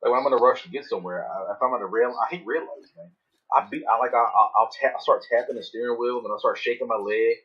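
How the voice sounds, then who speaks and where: A man in his thirties co-hosting a podcast, telling road stories in an animated, profane, casual way. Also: medium pitch, quick pace, husky. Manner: animated storytelling with heavy swearing. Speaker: podcast co-host. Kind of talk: casual chat. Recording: dull lo-fi audio.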